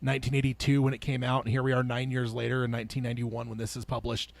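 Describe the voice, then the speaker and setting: A man's voice: medium pitch, level tone, rapid-fire, vocal fry. A man hosting a casual book club podcast, reading passages aloud and talking it over with plenty of fillers and restarts. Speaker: podcast host.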